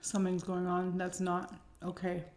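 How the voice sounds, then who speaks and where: A young woman telling a personal story casually while eating, animated and acting out the quotes. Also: on the low side, moderate pace, slight background noise. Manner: animated retelling with acted-out quotes. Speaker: mukbang storyteller. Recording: echoey room.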